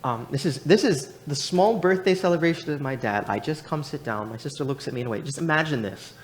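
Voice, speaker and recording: A man's voice: a little high, fairly quick. A young adult man preaching in church, telling a personal story with frequent restarts and repeated words. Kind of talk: sermon. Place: church sanctuary.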